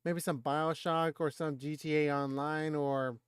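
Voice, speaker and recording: A woman co-hosting a casual podcast chat, playful and jokey, with loud sudden yelps. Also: sits low, fairly even intonation, a little slow, clear, resonant tone, dry recording, clean studio sound. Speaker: podcast co-host and streamer.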